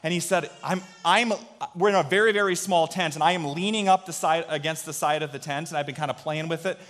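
A man preaching to a congregation, spinning a childhood story with animated energy. His voice sits a bit high for a man. It carries a long reverb, as if in a large hall. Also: fast talker. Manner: animated storyteller, drops to a hush for quoted voices. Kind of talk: sermon storytelling.

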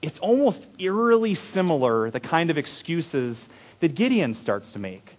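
A man preaching a sermon, animated and chuckling, sometimes dropping to soft low tones. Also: unhurried. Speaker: pastor.

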